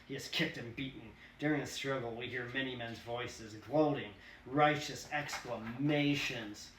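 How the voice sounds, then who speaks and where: A man's voice: medium pitch, steady tone, a little slow, hardly any pauses, a bit bright. A man reading a screenplay aloud with casual, profane asides. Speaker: reader. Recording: roomy, distant mic, faint hiss.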